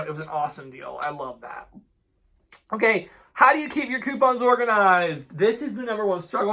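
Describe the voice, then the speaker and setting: A young man in his twenties, chatting casually to his vlog audience. His voice is bright and forward, with a gravelly fry at the ends of phrases. He tells his stories with animated, exasperated energy. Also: high-pitched. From Ohio, USA. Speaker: couponing vlogger.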